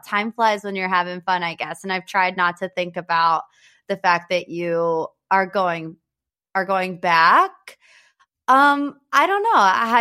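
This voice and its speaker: A woman's voice: medium pitch, pushed and bright. A young woman hosting a podcast, chatting in a giggly, teasing way. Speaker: podcast host. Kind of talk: casual chat.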